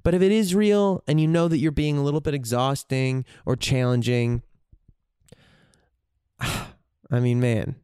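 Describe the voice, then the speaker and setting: A man's voice: medium pitch, steady tone, measured pace, pauses often, mellow, smooth, no room sound, studio quality. A man in a candid, reflective monologue, swearing freely and searching for his words as he goes.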